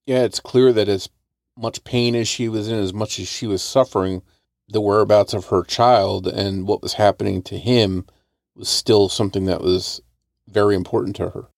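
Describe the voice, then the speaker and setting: A man's voice: fairly low pitch, steady tone, normal speed, creaky, no room sound, clean studio sound. A man co-hosting a true crime podcast, speaking in a reflective, grave way with small restarts. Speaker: podcast co-host.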